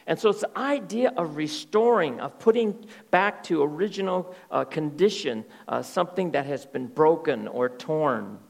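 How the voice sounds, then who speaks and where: A male pastor preaching a sermon in an animated way, often dropping to soft, hushed tones. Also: fairly high pitch, normal speed, vocal fry, few pauses.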